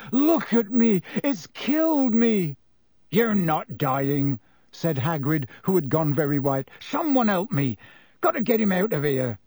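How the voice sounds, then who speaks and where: Measured male audiobook narrator, a bit higher than most men, close dry studio sound. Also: a little mellow, dry recording. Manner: measured storytelling. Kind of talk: scripted narration.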